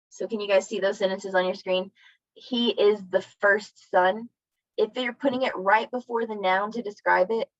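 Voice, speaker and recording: A woman's voice: fairly low pitch, dry recording, muffled recording. A woman teaching a Spanish class over a video call, explaining grammar in a friendly, chatty way and often apologizing. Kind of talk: online class lesson.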